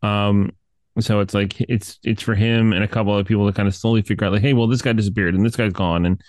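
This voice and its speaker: A man's voice: fairly low pitch, fairly even intonation, fast, a little mellow, dry recording. A man chatting casually about a horror film, rambling with lots of fillers and swearing. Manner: rambling, many fillers, profane. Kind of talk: casual movie review chat.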